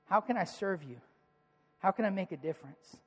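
High-voiced pastor preaching in a hall. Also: male voice, animated, fairly quick, breathy edge. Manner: rises in pitch and volume for emphasis, drops to quiet asides. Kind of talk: sermon. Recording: hall reverb.

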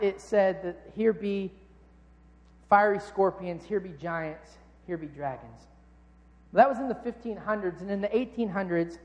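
High-voiced man preaching casually. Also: big-room sound. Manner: casual, conversational, jokey. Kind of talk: sermon.

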